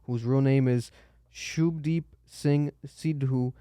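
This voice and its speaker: Animated young man with a smooth voice. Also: slow pace, no room sound, clean studio sound. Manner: animated, swearing, voice jumps high when exasperated. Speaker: podcast host. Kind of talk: casual podcast chat.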